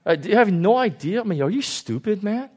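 A man's voice: high voice, expressive, brisk, darkish tone, pitched above the performer's own voice. A man preaching, who voices a scornful male disciple scolding a stranger in a mocking, disbelieving tone. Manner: mocking, incredulous.

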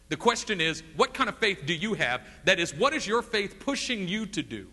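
A man delivering a sermon with a high, lively voice that swings widely in pitch. His tone is bright and forceful, and he acts out the voices of the people in his story. A long reverb hangs behind him as if he were in a large hall. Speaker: preacher.

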